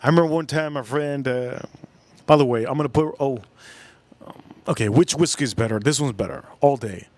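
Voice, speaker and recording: He speaks a little fast in a medium-pitched voice with a darkish tone, rambling casually to his stream viewers and repeating phrases. The host is an adult man from South Florida, older than in his youth.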